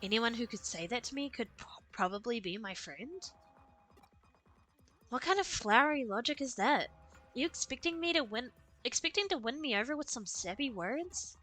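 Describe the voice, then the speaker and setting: A stern young woman bent on revenge, read out by a woman streamer in a game. She speaks coldly and curtly, proud and dismissive, in a bright, clear tone. Soft game music plays behind her. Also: fairly high pitch, lively intonation, moderate pace. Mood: scornful. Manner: cold, curt and prideful. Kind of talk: reading game dialogue aloud.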